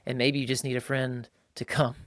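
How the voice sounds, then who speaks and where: In clean, echo-free studio sound, a man with a mid-range, level voice talks a little fast as co-host of a relaxed podcast. He speaks colloquially, calls listeners "bro," and imitates voices when quoting others.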